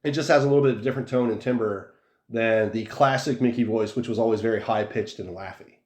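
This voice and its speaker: A man's voice: medium pitch, fast talker, darkish tone. A man hosting a podcast in casual chat, rambling with many fillers. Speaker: podcast host. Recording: roomy echo.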